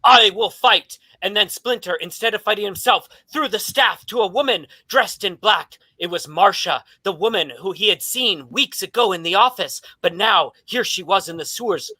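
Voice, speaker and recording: A man improvising comic narration from home for an online show, in a brisk storytelling manner. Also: sits high, animated, bright, forceful tone.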